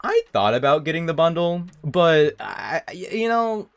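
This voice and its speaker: Excitable male streamer with a lively voice. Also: measured pace, dry recording, soft background music. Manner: excitable, jumps into high-pitched yelps at game events. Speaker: streamer playing a video game. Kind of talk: casual live-stream chat.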